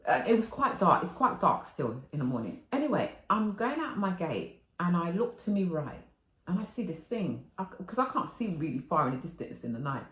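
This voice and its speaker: A middle-aged woman spins rambling, animated stories in a casual haul video, swearing and laughing as she goes. Her voice sits on the lower side but swings widely in pitch. The room around her is roomy and echoey. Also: fairly quick. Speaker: vlogger. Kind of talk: chatty storytelling haul video. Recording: roomy echo.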